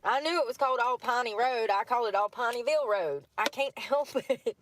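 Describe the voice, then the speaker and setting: A woman's voice: fairly high pitch, brisk, fairly bright tone, slight background noise. A woman talking in casual chat from a parked car at night, rambling, laughing often and swearing freely. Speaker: vlogger.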